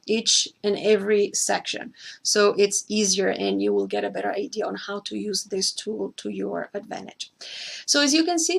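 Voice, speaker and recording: A woman's voice: mid-range voice, creaky, fairly bright tone. A woman hosting a screen-share tutorial, explaining each step carefully, repeating key points and now and then speaking to a co-host by name.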